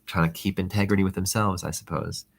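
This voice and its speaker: A man's voice: deep voice, steady tone, fast talker, vocal fry, slightly rough. A man giving a rambling, conversational lesson on religious texts, full of casual fillers. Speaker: Torah teacher.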